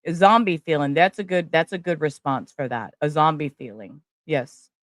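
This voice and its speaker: A woman's voice: low-pitched, moderate pace, dry recording, studio quality. A woman giving casual live commentary over courtroom testimony, chatty and full of asides. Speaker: livestream trial commentator.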